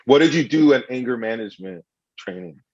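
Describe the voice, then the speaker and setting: A man's voice: mid-range voice, lively intonation, a little fast, a little mellow. Teasing male podcast host, muffled sound. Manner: teasing, goofs around. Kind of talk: casual podcast chat, running a party game.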